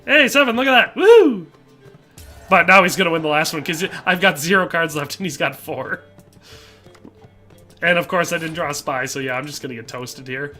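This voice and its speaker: A chatty middle-aged man with a Midwestern American accent commentates a live game stream, his voice sitting a touch high and sounding bright and forward. He reads viewer messages aloud between plays, filling gaps with easy fillers, while faint game music runs underneath. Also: brisk. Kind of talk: casual live gameplay commentary.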